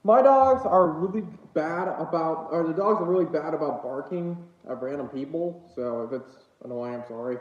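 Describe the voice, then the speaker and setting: A man's voice: on the high side, moderate pace, hardly any pauses, a little mellow. A man chatting casually while eating on a livestream, rambling with many fillers and a bit out of breath. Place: home room with dogs nearby. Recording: echoey room, dull lo-fi sound.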